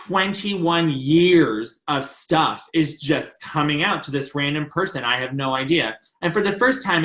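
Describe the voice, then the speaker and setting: Young man from the South, confessional storytelling, slightly high voice, echoey room. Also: fairly bright tone. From American South. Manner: earnest, emotional, rambling confessional. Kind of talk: personal story, casual retelling.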